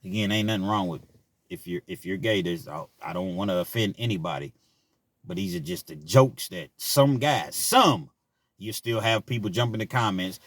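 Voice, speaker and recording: A middle-aged man casually telling a personal story, laughing often and swinging between loud bursts and quiet asides. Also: on the low side, animated, normal speed, no echo, clean studio sound. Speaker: storyteller vlogger.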